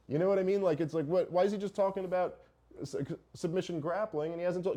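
A man's voice: sits high, fast talker, mellow. A middle-aged man hosting a podcast, arguing his point in casual, profane chat full of rhetorical questions. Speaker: podcast host.

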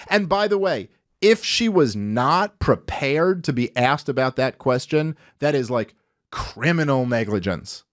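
A podcast host with a medium-pitched voice talks a little slowly, recorded with clean studio sound and no room sound. He works through political commentary casually, animated and profane, swearing plenty and acting out quotes.

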